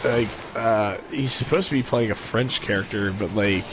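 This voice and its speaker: A man's voice: fairly low pitch, moderate pace, heavy background noise. A young man streaming a game, chatting casually and rambling with lots of restarts and fillers. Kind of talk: casual chat over gameplay. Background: game music.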